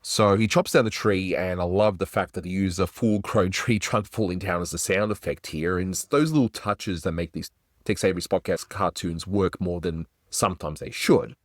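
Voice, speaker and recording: Australian male host, deep and conversational, dry booth sound. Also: moderate pace, no room sound. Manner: chatty, conversational, self-deprecating. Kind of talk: casual review commentary.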